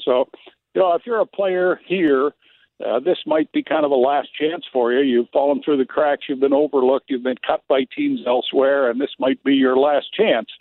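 A man's voice: medium pitch, dry recording. Man reporting sports over a phone line. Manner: brisk, chatty, with lively rises. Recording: tinny phone line, dry.

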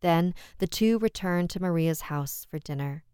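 Woman horror narrator, low smooth voice, dry close sound, measured delivery. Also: no room sound. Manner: measured, steady storytelling.

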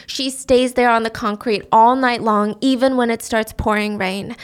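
A woman with a fairly high voice tells a drama's story in a loose, chatty way. She slips into squeaky voices for the characters' lines and then drops back to her own voice. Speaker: show recap host. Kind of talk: casual storytelling recap.

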